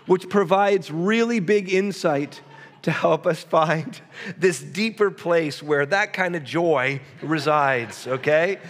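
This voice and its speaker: A male pastor preaching a sermon, with emphatic repetition and quick asides to the congregation. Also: a little high, in a large hall.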